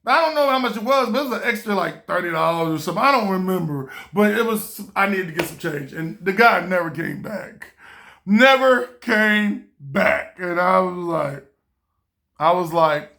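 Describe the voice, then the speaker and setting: A young man from a small town telling a story to camera in casual chat, animated and laughing as he acts out the people in it. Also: high-pitched, brisk, vocal fry. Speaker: vlogger.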